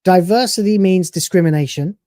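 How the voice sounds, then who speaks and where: A man's voice: high voice, a little fast, dark tone, no room sound. A man hosting a live stream, reacting to a video with profane, ranting commentary and frequent laughter.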